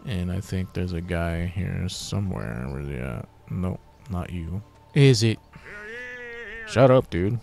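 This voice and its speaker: A man's voice: sits low, moderate pace, gravelly. Blunt, sweary man playing a game. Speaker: gamer and channel host. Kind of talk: casual let's-play commentary.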